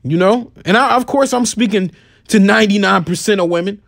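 A man giving an informal, profane sermon, blunt and scolding, who slows down and turns solemn when he reads scripture. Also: sits high, creaky, fairly bright tone, no room sound, studio quality. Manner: blunt and scolding, swears freely. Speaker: preacher.

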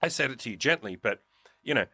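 A man's voice: mid-range voice, animated, quick pace, vocal fry, pushed and bright, breathy edge, no room sound. A man giving blunt, profane dating advice in a casual coaching conversation, acting out what others would say. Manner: profane, blunt, acts out quotes.

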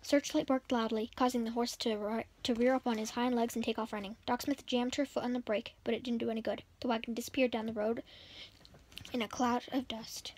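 A woman's voice: fairly high pitch, darkish tone. A woman reading a children's chapter book aloud for her channel, often stumbling and rereading words. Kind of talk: storybook reading.

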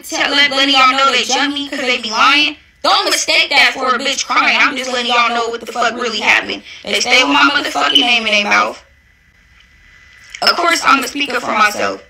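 A young woman delivers a confrontational, profanity-laced rant. Her voice sits high and cuts with a hard, piercing edge. She taunts and jabs as she talks. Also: vocal fry, bright, forceful tone, slight background noise, poor audio. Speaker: reality show cast member. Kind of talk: angry social media rant.

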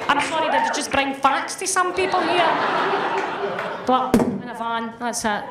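A woman's voice: sits high, animated, unhurried, heavy background noise. A Scottish woman with a Glaswegian accent telling a sweary, brash stand-up story and acting out the people in it. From Scotland. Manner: brash, sweary, acts out characters. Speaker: stand-up comedian. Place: large theatre venue with a live audience. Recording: roomy live hall, mic heard from a distance, loud crowd.

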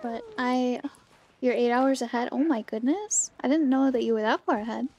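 A woman streaming a game and chatting casually with her viewers, bubbly and greeting them by name, with a slightly hoarse morning voice. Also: high-pitched, moderate pace, darkish tone, highs cut off, slight background noise. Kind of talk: casual livestream chat.

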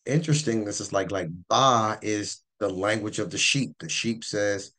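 A man's voice: fairly low pitch, moderate pace, pushed and bright. A man giving an informal Bible teaching, rambling and repeating words, his voice worn. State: losing his voice.

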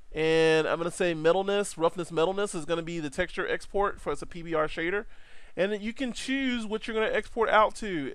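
A man giving a casual, rambling software tutorial over his screen, correcting himself and adding jokey asides. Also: sits high, clear, resonant tone, dry recording.

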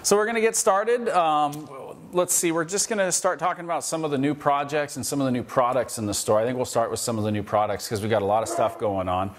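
A man co-hosting a casual workshop show, laid-back and quick to laugh, with plenty of ums. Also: mid-range voice. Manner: laid-back, laughs often, filler-heavy. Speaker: co-host. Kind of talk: casual shop talk.

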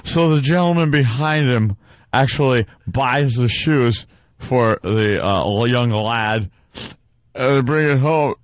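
A man's voice: medium pitch, no room sound, lightly acted. A man doing an impression of a veteran TV anchorman who solemnly reads the news and stumbles on certain words. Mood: mock solemn. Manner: mock-solemn newsreader delivery with deliberate mispronunciations. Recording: muffled radio broadcast with music.

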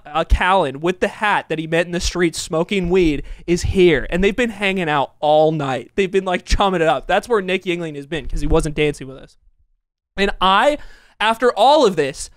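A man's voice: high-pitched, moderate pace, dry recording, clean studio sound. A young man co-hosting a podcast, telling a story with lots of laughter and acted-out quotes. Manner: animated storyteller, laughs often, acts out quotes. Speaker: podcast co-host. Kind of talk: casual storytelling chat.

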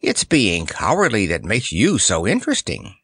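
A man voicing a relaxed, affectionate male camel with a wheezy voice. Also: fairly low pitch, normal speed, slightly rough, no room sound, studio quality, exaggerated voice. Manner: fond, relaxed.

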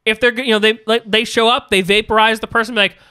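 A man's voice: sits high, steady tone, quick pace, pushed and bright, clear, resonant tone. A man co-hosting a casual podcast who stumbles and repeats words as he talks. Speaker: podcast co-host. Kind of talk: casual chat.

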